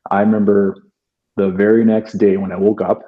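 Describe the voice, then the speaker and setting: A man from Canada, a podcast guest, speaking in an earnest, halting way with many fillers and restarts. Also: lowish voice, level tone, narrow, tinny audio. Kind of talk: reflective interview talk.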